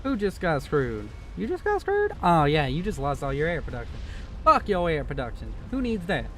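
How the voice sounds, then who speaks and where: Excitable high-voiced male game caster. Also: moderate pace, a little hiss or hum. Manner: excitable, swearing, joking. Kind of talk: casual profane game commentary.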